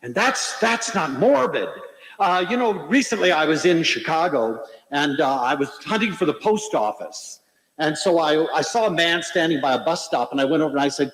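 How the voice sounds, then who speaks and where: An older man speaks to an audience from a lecture stage, his voice fairly high for a man and swinging widely in pitch as he tells his stories. He mixes warmth of purpose with playful jokes, and a long hall reverb trails behind every phrase. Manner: animated storytelling with playful asides. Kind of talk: humorous inspirational lecture.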